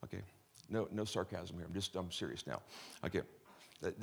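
A man's voice: lowish voice, husky. A middle-aged man preaching a chatty, joking sermon as pastor, with many restarts.

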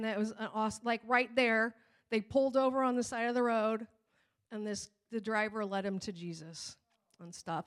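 Middle-aged female pastor, animated storytelling sermon, slightly high pitch. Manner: animated storytelling, acting out voices.

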